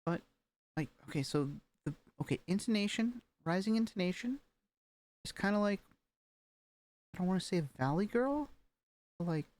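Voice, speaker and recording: A woman's voice: mid-range voice, lively intonation, normal speed, long pauses, a little mellow. A woman working through voice training homework, talking casually with lots of fillers and repeating practice sentences with rising and falling intonation. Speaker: voice training student. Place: home room, streaming as a vtuber. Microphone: webcam microphone.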